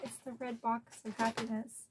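A woman's voice: on the high side, little pitch movement, moderate pace, slight background noise. A woman from Florida opening gifts in an unboxing vlog, gushing and emotional, easily moved to tears. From Florida, USA. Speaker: collector vlogger.

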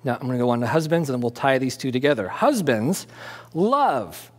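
Here a male pastor preaches expository material with animated, chatty energy, questioning himself aloud, supplying the answers, and slipping in playful jokes. He has a mid-range voice at a moderate pace, heard through long hall reverb.

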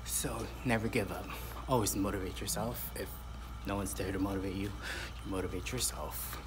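A man's voice: low voice, little pitch movement, moderate pace, background noise. A man chatting casually to his phone camera as a vlogger, swearing freely. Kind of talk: casual vlog chat.

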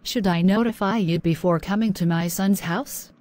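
A woman's voice: fairly low pitch, moderate pace, a little mellow, natural voice. A woman voicing a stern, bossy older mother-in-law in a cartoon, with a cold, domineering manner.

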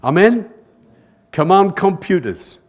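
Slow and high-voiced, with big swings in pitch, an older pastor preaches to a live church congregation. Phrases recur for emphasis, and he keeps calling "Amen?" to the room in this live recording.

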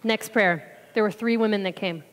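A woman telling an animated personal testimony about a church mission trip, acting out her own reactions. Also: medium pitch, moderate pace. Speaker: church member giving a mission trip report. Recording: reverberant hall.

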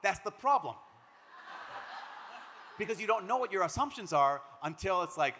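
A man from Minnesota, a priest giving a conference talk, an animated storyteller who acts out the quotes he tells. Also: high voice, normal speed, long pauses, a little hiss or hum. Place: large conference hall. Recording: long reverb of a big hall.

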